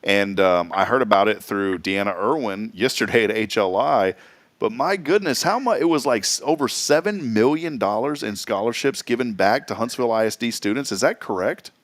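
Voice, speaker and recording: A man's voice: lowish voice, moderate pace, no echo. A man hosting a casual morning talk show, joking and laughing a lot. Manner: joking, animated, laughs often. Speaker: radio show host.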